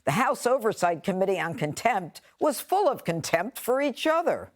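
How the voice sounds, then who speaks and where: A woman's voice: mid-range voice, very animated, normal speed. A woman hosting a panel show, reading a scripted opener in a punchy, mocking way.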